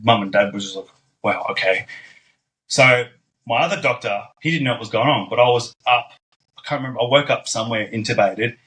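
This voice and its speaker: A man's voice: mid-range voice, quick pace, bright, forceful tone, rough recording. A young man telling his story as a podcast guest in a casual, blunt way, swearing freely and dropping plenty of ums and likes.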